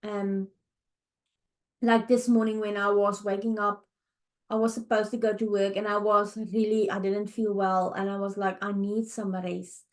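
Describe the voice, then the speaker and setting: A middle-aged woman hosts her own podcast from home in the early morning. She is tired and close to tears, and her speech is heartfelt and halting, full of restarts. Her voice sits at an ordinary middle pitch. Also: level tone. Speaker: podcast host. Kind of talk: emotional personal monologue.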